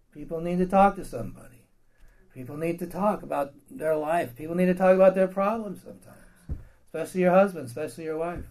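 A man preaching in a fairly high voice, reading scripture aloud and then putting it in plain, blunt everyday words. He laughs often and puts questions to his listeners. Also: gravelly, darkish tone, low-quality recording. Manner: reads King James verses, then paraphrases them in blunt slang with laughs; addresses the congregation with questions.

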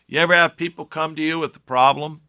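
A man's voice: on the high side, fairly even intonation, quick pace, pushed and bright, clear, resonant tone. A man preaching a sermon in a conversational way, with joking asides to his listeners. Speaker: pastor.

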